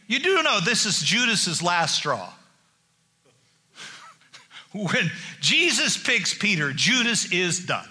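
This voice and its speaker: Animated, bright-voiced preacher man. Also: sits high. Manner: animated, acts out Bible figures in quick asides; jokey and conversational, with many restarts. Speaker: pastor. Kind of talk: sermon.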